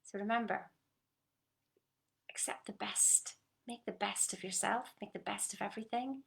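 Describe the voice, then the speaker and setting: A woman coaching listeners on a group call in an earnest, coaxing manner, often dropping to a soft whisper and checking in with short questions. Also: medium pitch, a little fast, creaky. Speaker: motivational coach. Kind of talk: motivational talk on a group call.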